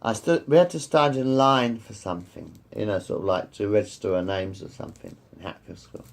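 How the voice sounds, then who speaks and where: A man's voice: on the low side, a little fast, creaky. A man in his fifties telling rambling personal stories, repeating himself and swearing freely. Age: 50s. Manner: repetitive, circles back and swears freely. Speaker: vlogger.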